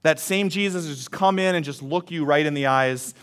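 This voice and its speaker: Lively conversational man preaching. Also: a little high, a little fast, smooth. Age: 30s. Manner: lively, conversational, calls for congregation responses. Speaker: pastor. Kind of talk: sermon with a personal story.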